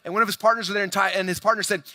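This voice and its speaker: This is a playful, high-energy sales presentation: a man with a high voice talks quickly to a packed hall from the stage. The audio is close and dry in spite of the large room, and he speaks directly to the crowd.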